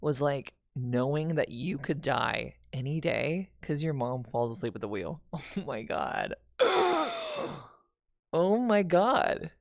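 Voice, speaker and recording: A woman's voice: very deep voice, expressive, unhurried, vocal fry, dry recording, studio quality. A young woman streamer telling a painful family story in casual, candid talk, swearing and restarting often.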